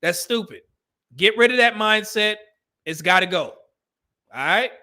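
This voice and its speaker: A man's voice: sits high, expressive, measured pace, pushed and bright. A man hosting a show, giving blunt, emphatic, opinionated commentary. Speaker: show host.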